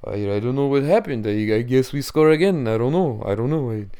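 A man's voice: medium pitch, expressive, brisk, mellow, smooth, pitched above the performer's own voice, close to an everyday voice. A man putting on a mock voice of a sly foreign leader who feigns puzzled innocence. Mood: feigned innocence.

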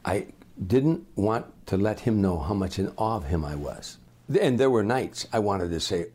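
An older man, a comedian, telling lively anecdotes in an interview and acting out the people in them. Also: fairly low pitch, normal speed. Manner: animated raconteur, acts out voices. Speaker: comedian guest.

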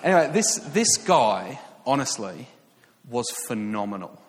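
A man's voice: mid-range voice, sing-song, unhurried. An English man in his thirties tells a story from the pulpit, chatty and self-mocking, tripping over restarts and fillers. His voice carries a long reverb from a large hall. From England. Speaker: preacher. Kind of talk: sermon storytelling.

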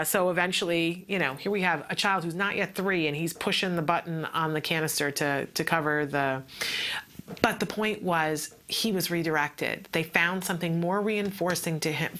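A woman talks through parenting advice in a relaxed, teaching way, with a bright, clear tone that sits a little low. She tells her story with energy and briefly slips into the voices of the people in it. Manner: expressive storytelling, acting out quotes. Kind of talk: casual teaching talk.

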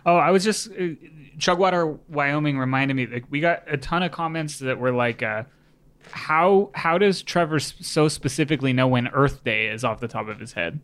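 A man in casual podcast chat, speaking softly and hesitantly. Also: a little high, moderate pace, clean tone.

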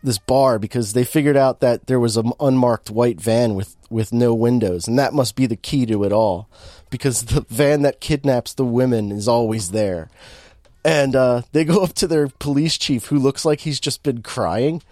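A man rambles through a comic movie recap, sarcastic and loose, with many fillers. His voice sits at a medium pitch. The sound is dry, with no room echo. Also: normal speed, mellow.

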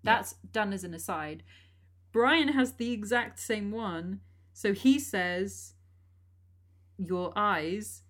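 A woman's voice: medium pitch, lively intonation, slow, fairly bright tone. Woman recapping a story. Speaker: podcast co-host. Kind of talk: casual chat recapping a musical's plot.

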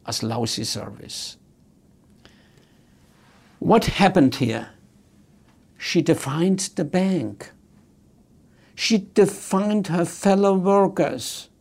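Gravelly older man telling a story. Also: on the high side, animated, slow, long pauses, darkish tone. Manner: emphatic, repeats key points. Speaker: hotel executive telling a story. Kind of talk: storytelling talk.

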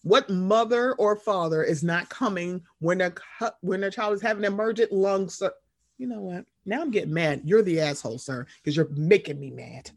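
A woman co-hosting a podcast in casual chat, animated and expressive, swearing freely. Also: lowish voice, normal speed. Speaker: podcast co-host.

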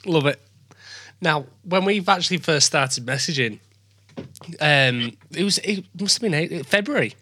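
A man with a northern English accent, hosting a relaxed casual interview and explaining things patiently. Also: fairly high pitch, measured pace, breathy edge, no room sound, studio quality. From northern England. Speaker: podcast host.

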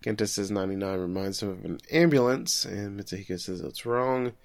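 A man in his thirties co-hosting a casual podcast, retelling a story with animated quick acted-out quotes. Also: on the low side, no echo. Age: 30s. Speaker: podcast co-host.

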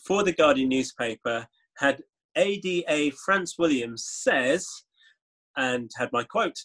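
Laughing man telling stories. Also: fairly high pitch. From Leeds, England. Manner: animated storyteller who laughs often. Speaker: guest author. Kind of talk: interview conversation.

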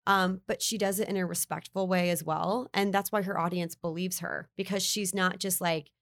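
A chatty, candid woman with a slightly low voice talks through a relaxed interview. Her delivery is casual and full of fillers, and she sounds close to the mic in a dry, dead room. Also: moderate pace, dry recording. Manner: chatty, candid, uses "like" a lot. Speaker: beauty writer and guest.

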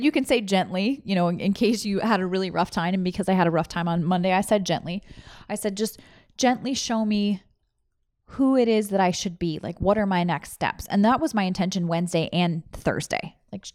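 A woman, a former veterinarian, earnestly retelling a deeply emotional personal experience in casual chat, full of restarts and rambling. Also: a little mellow, no room sound, studio quality.

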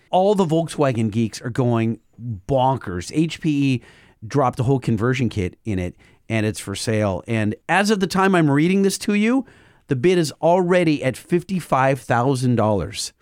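A man co-hosting a casual podcast, talking in an excitable, exclamatory way. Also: medium pitch, no echo, studio quality. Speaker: podcast co-host. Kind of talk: casual chat.

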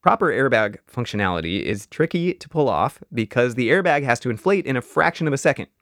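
A man's voice: mid-range voice, sing-song, a little fast, a bit bright, no room sound. A man co-hosting a casual comedy podcast, explaining a topic in a dry, wry way. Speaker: podcast co-host.

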